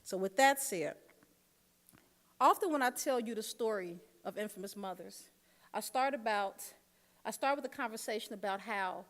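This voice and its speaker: A woman giving a keynote speech at a dinner, telling a personal story and talking straight to the audience. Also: mid-range voice. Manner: storytelling, engages audience directly. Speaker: keynote speaker. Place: large dinner hall. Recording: long hall reverb.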